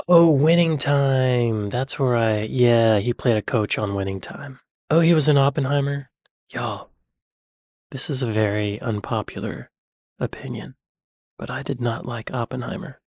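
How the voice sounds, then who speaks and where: A man chats casually through a reaction video, thinking out loud and throwing in playful asides. His voice sits at a middle pitch. The recording is dry and close, with no room sound. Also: no echo. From American. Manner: chatty, musing aloud, playful asides. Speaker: reaction channel host.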